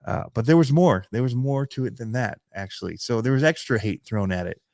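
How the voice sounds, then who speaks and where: A man's voice: mid-range voice, lively intonation, a little fast, vocal fry, darkish tone, no echo, studio quality. A middle-aged man with a Michigan accent, hosting a podcast in a rambling, self-deprecating way and laughing often. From Michigan, USA. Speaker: podcast host and RC channel creator. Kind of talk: casual podcast chat.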